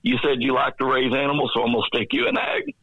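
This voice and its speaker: A man's voice: mid-range voice, big pitch swings, fast, slightly rough, no echo, phone-quality sound. A Texan man voicing a big, folksy old cowboy dorm parent who calls people darling, as part of a personal story.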